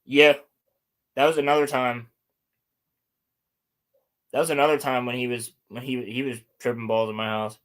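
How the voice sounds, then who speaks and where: A young man hosting a casual podcast chat, telling animated stories and swearing often. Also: mid-range voice, normal speed, pauses often, clear, resonant tone. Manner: animated storytelling, heavy swearing. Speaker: podcast host.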